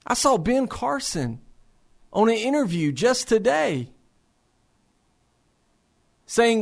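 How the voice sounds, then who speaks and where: A man's voice: very high voice, big pitch swings, slow pace, creaky, long pauses. A man speaking earnestly to fellow believers for a faith-based resource center. He talks with passion, asks rhetorical questions and often repeats words as he starts a phrase.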